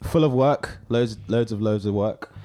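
A young man, co-hosting a casual chat and telling animated stories with lots of fillers. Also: fairly low pitch, a little slow. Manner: animated storyteller, many fillers. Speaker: podcast co-host.

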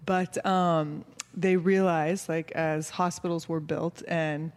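A man explaining in a casual talk, agreeable and quick to back others up. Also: fairly high pitch, level tone, clear, resonant tone, big-room sound. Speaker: birth professional guest.

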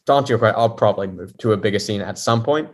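A man's voice: fairly low pitch, very fast. A man from London, a guest comedian chatting candidly on a podcast, self-mocking and laughing often. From London, England. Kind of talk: casual podcast chat.

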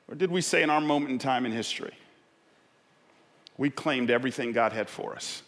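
A male pastor delivering an impassioned sermon in a church, swinging from quiet reflection to loud, shouted exhortation. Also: mid-range voice. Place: church sanctuary in San Francisco. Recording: long hall reverb in a church.

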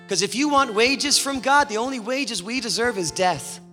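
A high, bright-voiced man preaches with fervent intensity, his voice climbing to shouts as he presses his point. His words ring out with a long hall reverb. Faint guitar plays softly behind him. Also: moderate pace. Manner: impassioned, rising to shouts, acting out voices in parables. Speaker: guest preacher. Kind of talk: sermon.

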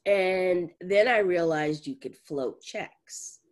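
A woman's voice: lowish voice, slow pace. A middle-aged woman co-hosting a podcast, telling stories in a casual chat with lots of laughter. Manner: animated, laughs heartily while telling stories.

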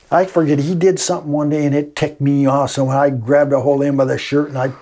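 A man's voice: fairly high pitch, flat delivery, brisk, mellow. An older man, a retired teacher telling folksy classroom stories with frequent laughs in a casual interview.

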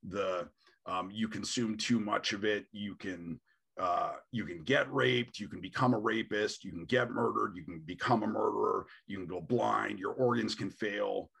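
A man in his thirties hosting a casual podcast conversation, animated and quick to mimic other people in quotes. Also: on the low side, gravelly, husky. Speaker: podcast host.

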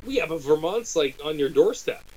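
An American man chatting on a podcast, animated and rambling, with quick asides and restarts. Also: a little high, poor audio. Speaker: podcast co-host. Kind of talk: casual chat.

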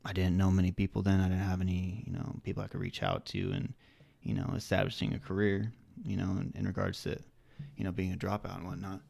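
A man with a gravelly, dark voice and a slight Southern American accent, co-hosting a casual podcast. He rambles through his thoughts with plenty of fillers, and his delivery is fairly flat, recorded close and dry. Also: low voice, quick pace, hardly any pauses, no room sound. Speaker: podcast co-host.

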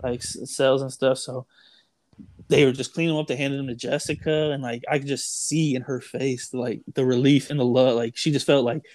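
A man's voice: mid-range voice, little pitch movement, moderate pace, darkish tone, no room sound. A young man telling a story in casual chat, rambling with lots of "like", "dude" and "bro". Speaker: storyteller guest.

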